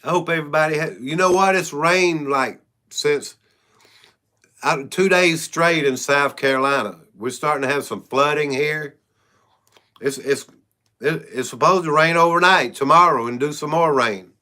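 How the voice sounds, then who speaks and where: A man's voice: on the high side, normal speed, bright, forceful tone. A man hosting a casual livestream. He rambles frankly and keeps saying "y'all". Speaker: channel host.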